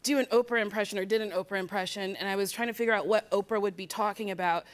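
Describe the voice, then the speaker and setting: A woman's voice: medium pitch, very fast. A woman chatting as a talk show guest, laughing often and telling stories with silly put-on voices. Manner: giggly, animated storytelling with silly put-on voices. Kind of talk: casual chat.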